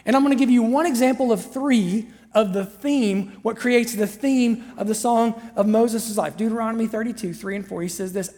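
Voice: medium pitch, normal speed, few pauses, darkish tone. A pastor preaching a sermon in a chatty, storytelling way, with frequent asides to the listeners. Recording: long hall reverb.

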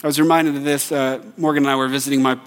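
A man's voice: mid-range voice, level tone, very fast, big-room sound. A man in his thirties preaching a sermon in a conversational way, weaving in personal stories. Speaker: pastor. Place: church.

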